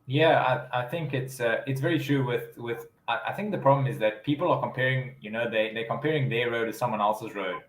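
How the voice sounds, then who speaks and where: A man's voice: medium pitch, brisk, few pauses. Hesitant male host in an echoey room. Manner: hesitant, many restarts. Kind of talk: interview host chat. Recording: roomy echo.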